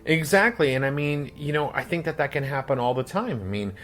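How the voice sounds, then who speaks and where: A man's voice: on the high side, animated, a little fast, fairly bright tone, slight background noise. A man co-hosting a casual podcast who explains at length, with lots of "like" fillers. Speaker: podcast co-host and game master.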